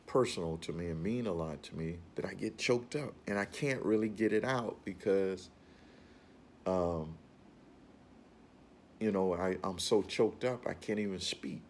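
A man with a very low, deep voice gives an informal motivational talk. He speaks earnestly and rambles, often repeating his words as he works toward a point. Faint room ambience sits behind him. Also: slight background noise.

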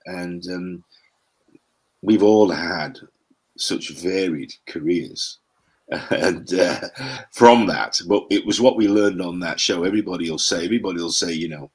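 Older man, interview guest, anecdotal, rambling, deep voice, husky. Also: a little slow. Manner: anecdotal, rambling, with throat-clearing. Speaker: actor, guest. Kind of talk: interview chat, storytelling.

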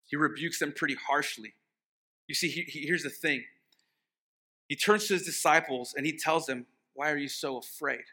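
A man's voice: on the high side, normal speed, long pauses, bright, forceful tone. A man preaching a sermon as pastor, conversational and emphatic, joking with the congregation and restarting phrases.

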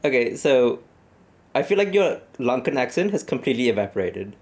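A man's voice: medium pitch, very animated, a little fast, darkish tone. A young man with an Australian accent hosting a casual podcast, easygoing and asking questions to keep the talk moving. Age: young adult. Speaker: podcast host.

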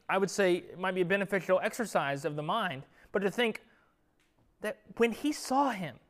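A young man leading a Bible study in a room with a group, talking in a loose, conversational way and sometimes dropping to a whisper. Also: sits high. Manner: conversational, lively, drops to a whisper at times. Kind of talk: casual Bible teaching. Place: classroom with a group.

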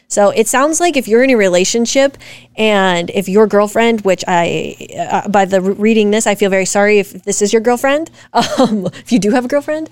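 A woman co-hosting a casual chat with her husband, talking in an animated, direct and profane way as she argues her point. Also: mid-range voice, normal speed, clean tone, no echo. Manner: animated, direct and profane, rants with rising emphasis. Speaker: co-host, wife. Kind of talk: casual podcast chat reacting to comments.

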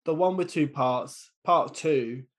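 A man's voice: on the high side, takes it slowly, fairly bright tone. A man co-hosting a podcast, chatting in easygoing, agreeable banter. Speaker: podcast co-host. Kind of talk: casual podcast chat.

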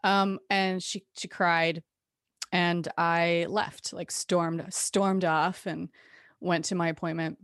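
Frank, lower-voiced woman telling her story. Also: takes it slowly, no room sound, studio quality. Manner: frank and animated, with restarts and occasional swearing. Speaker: guest. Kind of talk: candid personal storytelling.

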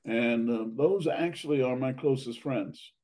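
An older man reminiscing about his academy days, halting with many fillers and restarts, his voice going hoarse and his throat needing clearing. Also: medium pitch, warm tone, low-quality recording. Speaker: interviewee, academy alumnus. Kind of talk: reminiscing conversation.

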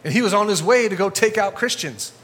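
A male pastor preaching a sermon to a congregation in a church, energetic and conversational, getting fired up as he talks. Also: high voice, fairly quick.

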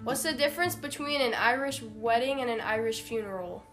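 Woman, deadpan joke-teller, light guitar music behind. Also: a little high, brisk. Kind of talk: telling jokes on a casual podcast.

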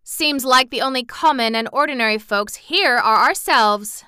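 A woman doing a shrill, fussy old aunt. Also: normal speed, bright, forceful tone, smooth, no room sound, studio quality. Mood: doubtful. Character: fussy, excitable older farm aunt.

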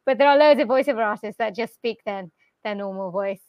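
A British-accented woman from Wales, a voiceover artist and singer, chatting upbeat and easily in an interview from a quiet corner of her lounge on a directional mic with a pop shield. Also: mid-range voice, dry recording, highs cut off. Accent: general British. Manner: chatty, upbeat, quick to laugh. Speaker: voiceover artist and jazz vocalist. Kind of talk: casual interview chat.

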